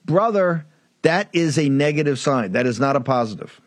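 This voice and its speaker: A man's voice: on the high side, lively intonation, normal speed, no echo. Combative man in a dry, close studio recording. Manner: combative, repetitive, addresses listener as "brother". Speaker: political talk show host. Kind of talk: political commentary monologue.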